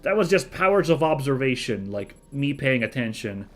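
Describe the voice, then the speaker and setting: A man's voice: mid-range voice, big pitch swings, moderate pace. A man hosting a casual let's-play video, chatty and thinking aloud with frequent fillers and self-corrections. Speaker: gaming video host.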